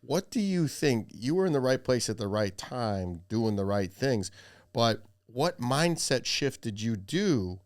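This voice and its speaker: A man's voice: mid-range voice, dry recording, studio quality. A man hosting a podcast who presses his guest with questions and urges listeners to take notes. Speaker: podcast host. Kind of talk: interview.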